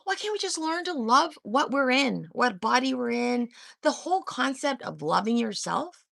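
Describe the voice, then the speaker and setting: A woman hosts a live stream and argues straight at her viewers, confrontational and sarcastic, with swearing. Her pitch leaps up and down as she talks. The sound is dry and close, with no room echo. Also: expressive, normal speed, vocal fry, fairly bright tone. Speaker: livestream host. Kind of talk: heated live-chat monologue.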